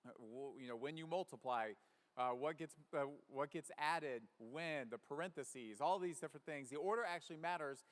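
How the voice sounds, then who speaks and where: A man's voice: fairly high pitch, moderate pace. A man preaching a sermon in a church, earnest and thinking aloud with frequent fillers. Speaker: pastor. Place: church sanctuary. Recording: reverberant church hall.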